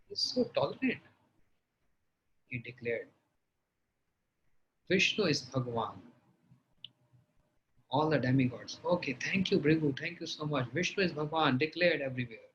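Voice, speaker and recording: A man who is a religious teacher, telling a sermon story and often clearing his throat. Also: a little high, fairly bright tone, a little hiss or hum. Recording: dull lo-fi audio.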